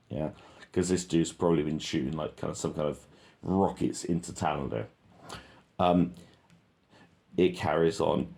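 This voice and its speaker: A man's voice: low-pitched, steady tone, moderate pace, creaky, darkish tone. A man reading a transcript aloud and commenting on it, in an offhand way with many ums and self-corrections. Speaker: reader and commentator.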